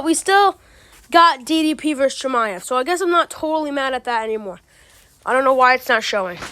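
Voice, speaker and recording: High-pitched woman ranting casually, fed up, swears a lot, slangy. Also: fairly bright tone. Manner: exasperated, profane, slangy. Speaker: MMA commentary channel host.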